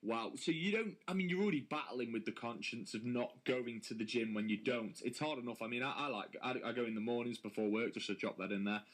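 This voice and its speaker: An English man in a local radio studio, co-hosting a comedy show. His voice sits at a medium pitch, and he banters in a loose, teasing way, laughing easily at his partner's jokes. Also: quick pace, hardly any pauses. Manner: jokey, giggly, teasing banter. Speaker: radio co-host. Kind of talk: casual comedy chat.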